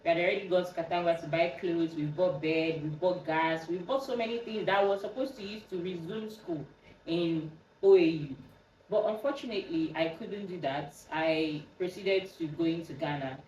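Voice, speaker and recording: A young woman with a Nigerian accent tells her own story in a casual, lively way, slipping into other people's voices as she goes. Her voice sits a little low. She is set back from the mic in a room with a lot of echo and a faint hum underneath. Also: moderate pace, recorded from a distance. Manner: animated, acts out quoted dialogue with a raised voice. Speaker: podcast host.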